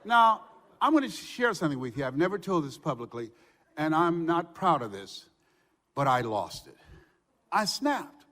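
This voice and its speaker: An older man giving a motivational speech, telling stories with shouts and laughter. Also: on the high side, moderate pace. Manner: animated storytelling with shouts and laughs. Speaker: motivational speaker. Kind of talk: motivational speech to a live audience. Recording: hall reverb.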